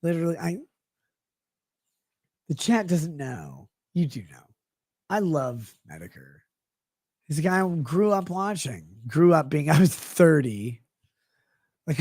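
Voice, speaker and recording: A man in his thirties, a live streamer on a rambling, crude comedic rant that swings between mumbling and shouting. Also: a little high, sing-song, measured pace, long pauses, no room sound, clean studio sound.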